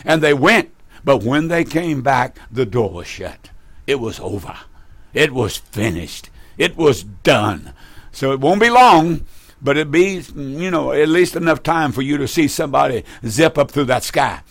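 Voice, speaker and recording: A man's voice: medium pitch, lively intonation, a little slow, a bit bright, no room sound. A man preaching fervently on a broadcast, repeating phrases for emphasis.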